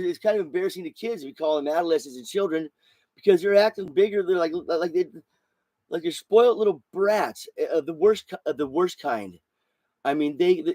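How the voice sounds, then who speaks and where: A man ranting on his own podcast, his voice sitting a little higher than most men's. He rambles and circles back, full of restarts and profanity. The sound is dry and close, with no room around it. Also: darkish tone, no echo. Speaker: podcast host. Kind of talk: solo podcast rant.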